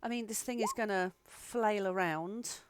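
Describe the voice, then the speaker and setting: A woman's voice: medium pitch, unhurried, noisy background. A woman running a tabletop game as game master, explaining rules and describing the scene in an encouraging way.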